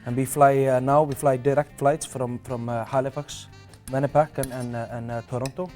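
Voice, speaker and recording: A man from Iceland with an Icelandic accent, a guest chef on a TV cooking segment, speaking English haltingly with many fillers and repeats. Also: medium pitch, little pitch movement, mellow, soft background music. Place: TV studio kitchen.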